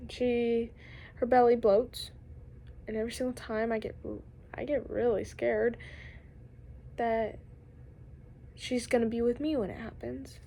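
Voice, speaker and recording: A young woman rambles through a confessional vlog, losing her thread and drifting down into whispers. Her voice sits a little high. A faint noise hums behind her. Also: flat delivery, unhurried, vocal fry, long pauses, dark tone. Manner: rambling, trailing off, drops to whispers. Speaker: vlogger.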